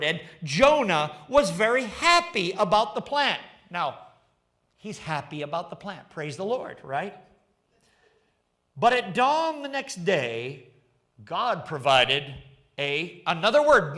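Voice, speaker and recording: A pastor preaching a sermon, animated and rising to fervent emphasis as he tells the story. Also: on the high side. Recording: livestreamed sermon.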